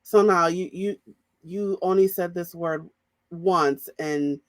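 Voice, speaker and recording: A woman with a very low voice hosts an interview and asks her questions slowly and calmly. Her voice is recorded dry and close, with no room sound. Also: no room sound. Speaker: host.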